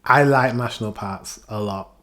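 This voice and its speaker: Excitable man reacting on camera. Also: mid-range voice, moderate pace. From United Kingdom. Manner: excitable, laughing, repeats rhetorical questions. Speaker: reaction video host. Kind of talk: casual reaction commentary.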